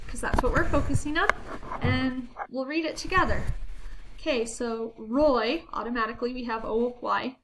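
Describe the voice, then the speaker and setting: A woman teacher giving a phonics lesson to children, reading a story aloud and sounding out words slowly and clearly in an encouraging way. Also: sits high, fairly bright tone, low-quality recording.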